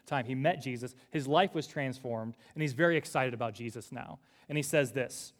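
A man's voice: medium pitch, normal speed, few pauses. A man preaching a sermon, earnestly explaining a scripture passage line by line. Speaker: pastor.

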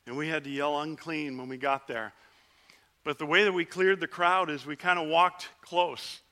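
A man playing a bright-voiced healed leper. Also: fairly high pitch, fairly even intonation, normal speed. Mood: earnest. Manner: vivid storyteller, shouts the plea, then hushes. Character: male leper, one of ten, telling his story. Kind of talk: first-person dramatic monologue sermon.

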